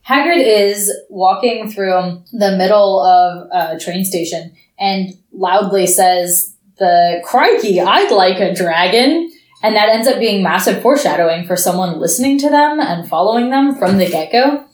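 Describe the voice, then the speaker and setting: A woman co-hosting a book podcast, sarcastic and animated as she rants, with swearing. Her voice sits in a middle range. It is recorded in an echoey room. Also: mid-range voice, moderate pace. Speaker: podcast co-host. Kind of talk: casual book discussion.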